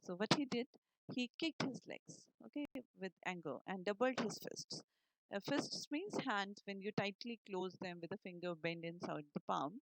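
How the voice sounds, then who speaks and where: A woman teacher with an Indian English accent, reading a story to an online class and explaining each word slowly, with many fillers and questions to the students. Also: medium pitch, low-quality recording.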